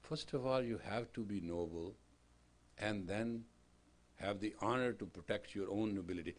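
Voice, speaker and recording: A man teaching a spiritual class, emphatic, swinging from quiet lines to loud declarations, telling stories with quoted dialogue. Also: fairly low pitch, normal speed. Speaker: yoga teacher. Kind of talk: spiritual lecture. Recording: 1980s class recording.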